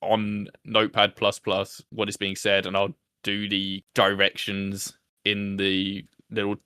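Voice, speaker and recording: A man's voice: on the low side, completely flat delivery, measured pace, sharp tone, clean tone, no room sound, studio quality. A man, the host of a podcast, chatting casually about his show, self-deprecating and laughing often. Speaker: podcast host being interviewed. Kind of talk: casual chat.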